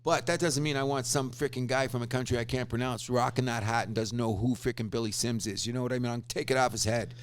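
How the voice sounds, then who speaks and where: A man co-hosting a casual sports podcast, talking in an animated, opinionated way with crude fan banter. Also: medium pitch, quick pace, hardly any pauses. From Canada. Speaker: podcast co-host.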